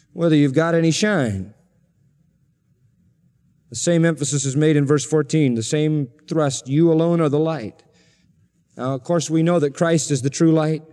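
A man's voice: a little high, dark tone, long reverb tail. A man preaching a sermon as pastor, emphatic and driving points home by repeating short phrases.

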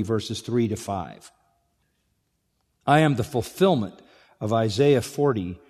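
Guy preaching a sermon, goes quiet then loud and emphatic, big church echo. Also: mid-range voice. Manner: shifts between quiet intensity and raised emphatic delivery. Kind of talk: expository sermon. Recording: long reverb of a large hall.

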